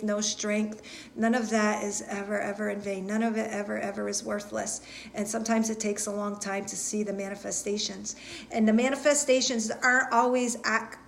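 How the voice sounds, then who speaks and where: Woman host, slightly high voice, earnest and halting, live spiritual reading to viewers. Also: slight background noise. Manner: earnest, repetitive, halting with fillers and restarts. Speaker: intuitive reader and host.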